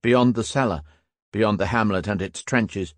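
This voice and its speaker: A man reading a war memoir audiobook as scripted narration, raising his voice for characters' shouts. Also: fairly low pitch, measured pace, dry recording.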